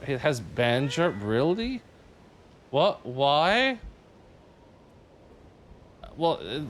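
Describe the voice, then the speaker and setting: A male livestreamer chats with his viewers in a relaxed, playful way, humming little tunes as he plays. His voice sits fairly high and swings widely up and down, and he takes his time with each phrase. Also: slight background noise. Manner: playful and chatty, hums tunes between remarks. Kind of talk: casual live gaming chat with viewers.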